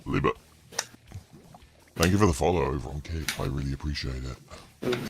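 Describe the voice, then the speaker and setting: A man's voice: normal speed, creaky, a little hiss or hum. A man chatting playfully and joking while he talks through a voice changer. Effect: deepening voice changer. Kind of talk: casual chat.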